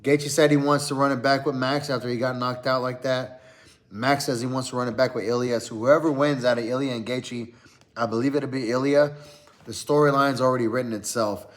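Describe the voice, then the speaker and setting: Male podcast host, casual fight-preview chat, relaxed and filler-heavy delivery. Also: medium pitch, brisk. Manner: loose and conversational, lots of "man" and "uh". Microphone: podcast mic.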